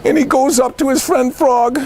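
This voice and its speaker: A high-voiced man with a gravelly rasp tells a picture-book story to children. He narrates with animated bursts of shouting and keeps quizzing his young listeners. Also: moderate pace, slight background noise. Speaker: head of school, storyteller.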